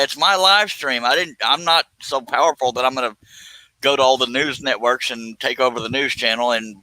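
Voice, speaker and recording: A man's voice: medium pitch, a little fast, sharp tone, dry recording, low-quality recording. A man, hosting a live stream, joking and reading viewer comments aloud. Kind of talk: casual live stream chat.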